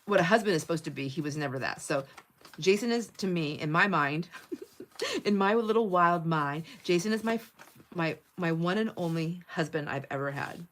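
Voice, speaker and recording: A middle-aged woman hosts a casual craft livestream in a slightly low voice, expressive and at a moderate pace. Working at her table, she chats freely, laughs often and reads viewers' comments aloud.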